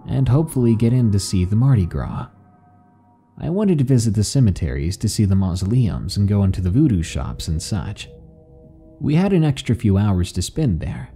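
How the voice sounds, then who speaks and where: A man narrating a horror story in a calm, measured, ominous delivery. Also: fairly low pitch. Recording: faint background music.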